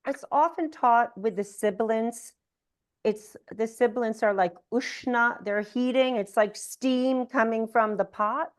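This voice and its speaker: A woman on a video call teaching Sanskrit pronunciation, showing each consonant sound slowly and deliberately. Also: fairly high pitch.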